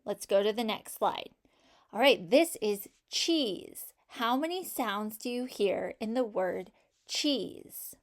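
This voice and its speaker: A woman's voice: mid-range voice, lively intonation, slow pace. A woman teaching a phonics lesson to children, patiently sounding out each sound in a word and praising answers.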